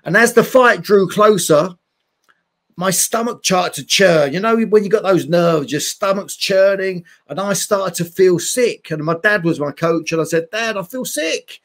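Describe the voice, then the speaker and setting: Guy with a high voice telling his boxing story, earnest and punchy. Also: a little slow, a bit bright. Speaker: guest, former boxing champion. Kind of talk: storytelling interview talk.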